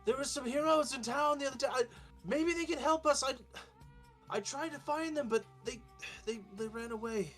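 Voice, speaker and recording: A man's voice: extremely high pitch, normal speed, a bit bright, pitched above the performer's own voice. A man voicing a frightened young giant prince who stammers, over a game stream with faint music behind. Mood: pleading. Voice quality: stammering, nervous.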